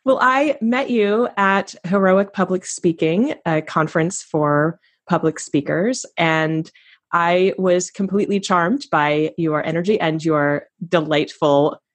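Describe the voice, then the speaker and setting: A woman's voice: on the low side, takes it slowly. A woman hosting a podcast interview, speaking with effusive enthusiasm. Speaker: podcast host. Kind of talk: interview conversation.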